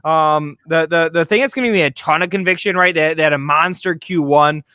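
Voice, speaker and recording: A man co-hosting a live stock market show, talking fast and excitedly with lots of stammered restarts. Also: a little high, clear, resonant tone, dry recording.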